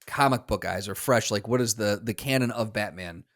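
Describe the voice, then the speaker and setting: A man's voice: lowish voice, normal speed, a bit bright. A man co-hosting a casual podcast. He is easygoing, laughs often, and trails off mid-sentence. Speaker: podcast co-host. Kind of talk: casual chat.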